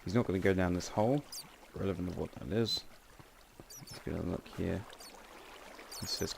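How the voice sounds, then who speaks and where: A man's voice: low-pitched, moderate pace, creaky, a little hiss or hum. A man giving casual, rambling gameplay commentary with wry asides and frequent self-corrections. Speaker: game channel host.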